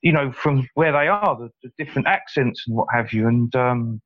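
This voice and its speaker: A man's voice: medium pitch, moderate pace. Hesitant Englishman on a muffled line. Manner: hesitant, repeats words often. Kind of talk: casual chat. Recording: muffled lo-fi audio.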